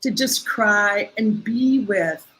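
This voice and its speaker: An older woman speaking as a guest in a conversational interview, telling a heartfelt story in a lively, expressive way. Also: medium pitch, takes it slowly, rough recording.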